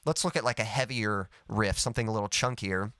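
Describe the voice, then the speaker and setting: A man's voice: lowish voice, a little fast, dry recording. Easygoing male songwriting coach, dry sound. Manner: easygoing, explains step by step with many "sort of" and "kind of" softeners. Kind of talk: live instructional teaching.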